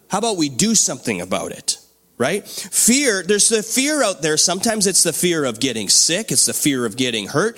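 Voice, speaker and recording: Male pastor, fairly high voice, very lively pitch, animated sermon delivery that checks in with the congregation. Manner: animated, asks the congregation for responses.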